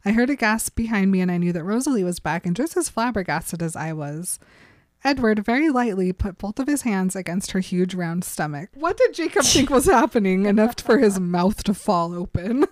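A woman in casual podcast chat, retelling a book scene with lively acted-out quotes. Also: medium pitch, normal speed, dry recording. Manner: animated retelling, acting out quotes with laughs. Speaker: podcast co-host recapping a book.

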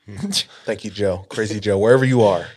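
A man in his early thirties from Hawaii, co-hosting a podcast and telling a story in a relaxed, rambling way. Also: on the low side, a little fast. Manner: laid-back storytelling with fillers. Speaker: podcast co-host. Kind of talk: casual chat.

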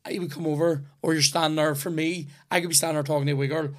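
Sweary Northern Irish man, mid-pitched. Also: little pitch movement, rapid-fire, a bit bright. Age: 30s. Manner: rambling, sweary storytelling. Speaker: podcast host. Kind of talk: casual chat.

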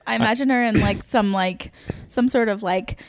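A woman who is a regular guest on a podcast, telling stories in a rambling, animated way. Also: fairly high pitch, moderate pace, vocal fry, no echo, clean studio sound. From United States. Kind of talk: casual chat.

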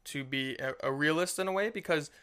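A man's voice: on the high side, fairly quick, smooth. A man co-hosting a casual Christian discussion podcast, rambling and acting out little quoted voices as he talks. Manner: rambling, animated, acts out quotes. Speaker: podcast co-host.

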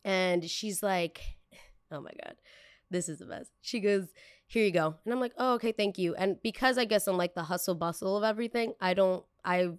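A woman hosting a podcast, telling a personal story in a casual, animated way and acting out what people said. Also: medium pitch, moderate pace, clear, resonant tone, no room sound, clean studio sound. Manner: animated, acts out quotes, many fillers. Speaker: podcast host.

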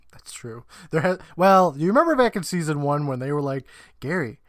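A man's voice: a little high, normal speed, no room sound, clean studio sound. Man co-host recapping with frequent laughs. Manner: laughs often, lively playful recapping. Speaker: podcast co-host. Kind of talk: casual chat recapping a TV episode.

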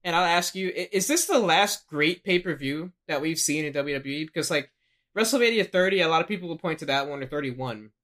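A man hosting a wrestling podcast in casual chat, animated and laughing often as he acts out quotes. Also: a little high, fairly quick. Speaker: podcast host.

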